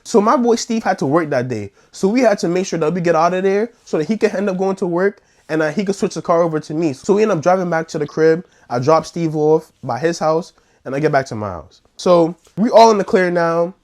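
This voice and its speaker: Animated young New storyteller man. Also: on the high side, brisk. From New York. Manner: animated, slangy, acts out scenes. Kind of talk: storytime vlog.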